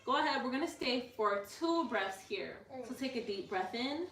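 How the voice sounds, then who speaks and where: A woman's voice: on the high side, normal speed. Woman guiding yoga in an echoey room. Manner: relaxed, joking asides to viewers. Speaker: yoga instructor. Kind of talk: casual guided yoga class. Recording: echoey room, mic far off, faint noise.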